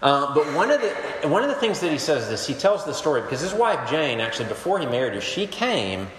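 A male pastor preaching a sermon, telling stories with animated swings between emphatic and hushed delivery. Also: on the high side, brisk, slight background noise. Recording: echoey hall with long reverb.

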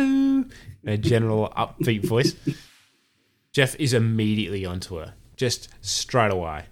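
Male podcast host, average pitch, casual recap with lots of filler. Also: animated, moderate pace. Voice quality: filler-heavy recap with acted quotes.

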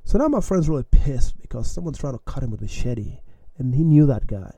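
A young man from Australia telling a frightening personal story in a casual, animated way, often ending phrases with "man". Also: mid-range voice, a little fast, slightly rough, no room sound. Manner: animated, self-mocking, acts out his own panic; repeats lines and ends phrases with "man". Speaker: podcast storyteller.

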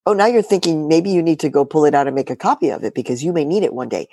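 A woman's voice: lowish voice, quick pace, few pauses, mellow, dry recording, studio quality. A middle-aged woman journalist in an interview, talking emphatically and firing rhetorical questions with sarcastic asides. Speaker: journalist guest. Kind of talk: animated political interview talk.

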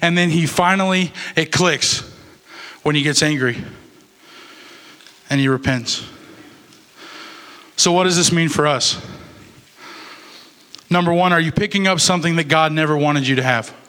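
A man's voice: a little high, measured pace, long pauses, bright, forceful tone, clear, resonant tone. A young man preaching a sermon as a youth pastor, in a casual, conversational way with fillers and restarts.

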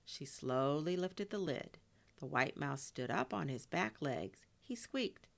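A woman reads a children's storybook aloud in a low, gravelly voice. Her delivery is lively and full of expressive turns, with Spanish words dropped in. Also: measured pace.

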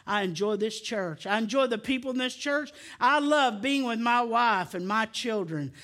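High, bright preacher man. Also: lively intonation, moderate pace. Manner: emphatic preaching, rising to near shouts then dropping low. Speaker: pastor. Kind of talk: sermon.

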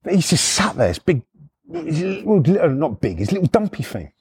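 A man's voice: on the high side, a little fast, gravelly, a little hiss or hum. Sweary man telling stories. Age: middle-aged. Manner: profane, rambling, lively storytelling. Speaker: storyteller. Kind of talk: casual anecdote.

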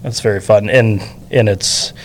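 A middle-aged father interviewing a shop owner in a friendly, chatty way, often answering with quick agreeing words. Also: lowish voice, steady tone, slight background noise. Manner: chatty, agreeable, many short backchannels. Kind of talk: casual interview.

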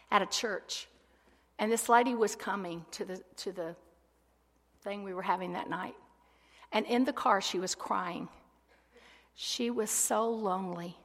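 A woman preaching a sermon, swinging between loud ringing proclamation and hushed, whispered asides. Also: mid-range voice. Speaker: speaker. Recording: long hall reverb.

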